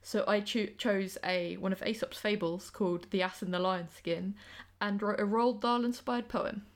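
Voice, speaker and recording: A woman's voice: mid-range voice, fairly even intonation, normal speed. A young woman, a podcast host, reading her own rhyming poem aloud with playful, sing-song storytelling. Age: young adult.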